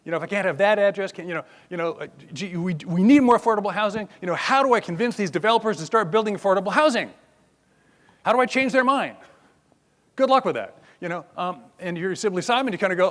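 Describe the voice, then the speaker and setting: Older male keynote speaker, high-pitched, chatty and wry, live on a stage mic. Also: quick pace. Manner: animated, joking, conversational. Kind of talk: conference keynote. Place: conference hall stage.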